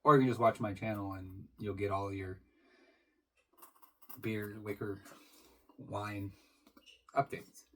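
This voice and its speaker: Slow, husky-voiced man rambling through an unboxing. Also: on the low side, little pitch movement, low-quality recording. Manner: rambling, swears often. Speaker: beer reviewer. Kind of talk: casual unboxing vlog.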